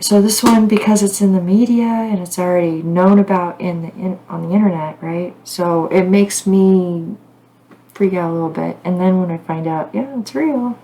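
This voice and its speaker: A middle-aged woman who hosts a psychic medium channel talks casually to the camera, rambling and earnest, with lots of fillers and apologies. Her voice is lowish and mellow.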